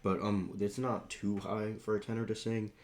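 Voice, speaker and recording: Low-voiced man explaining music. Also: level tone, moderate pace, darkish tone. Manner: explains music terms, counts beats aloud, sings snippets. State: morning voice, rough on high notes. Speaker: composer reacting to music. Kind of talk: casual reaction and music analysis.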